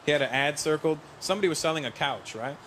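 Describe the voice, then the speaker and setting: A man performing a stand-up comedy set, telling stories with lively delivery and putting on voices. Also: a little high, quick pace. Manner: animated storytelling, doing voices of parents and strangers. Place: large venue with a laughing audience. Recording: live show with loud crowd laughter and noise.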